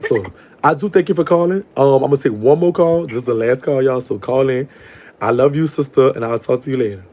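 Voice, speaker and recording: Fast-talking sassy New man. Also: mid-range voice, a little mellow. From New Orleans, USA. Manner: sassy and playful, laughs often, calls people girl and baby. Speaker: call-in show host. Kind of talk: casual live call-in chat.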